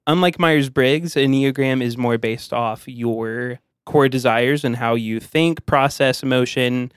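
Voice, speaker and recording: A man's voice: medium pitch, a little slow, smooth, no room sound. Easygoing man explaining on a podcast. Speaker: podcast guest. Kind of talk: casual chat.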